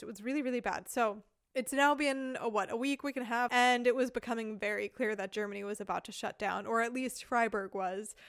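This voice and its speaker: A woman's voice: a little high, clean tone, no echo, clean studio sound. A woman in her thirties from the United States, a podcast guest telling a casual anecdote with frequent laughter. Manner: lively storyteller, laughs often.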